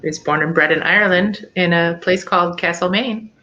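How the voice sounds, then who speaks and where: A woman hosts a casual chat show in a chatty, easygoing way. Her tone is bright and forward, and her voice sits a touch low. The recording sounds dull and lo-fi. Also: brisk, slight background noise. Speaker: podcast host.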